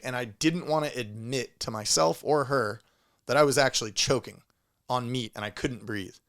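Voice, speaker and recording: A man co-hosting a casual podcast, telling a story with lots of swearing and acted-out noises. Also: medium pitch. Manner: animated storyteller, swears a lot, acts out sounds. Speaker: podcast co-host.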